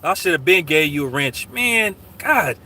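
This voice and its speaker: Streamer host, man, high and very bright voice, profane and combative delivery. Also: sing-song, measured pace, a little hiss or hum. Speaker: channel host. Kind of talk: casual livestream talk.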